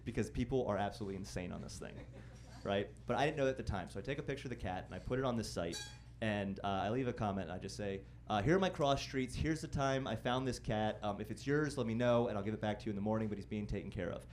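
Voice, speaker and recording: A young man performing a stand-up set in a comedy club, wry and self-deprecating, breaking into loud mock-singing and shouted impressions. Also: lowish voice, fast talker. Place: comedy club stage before a live audience.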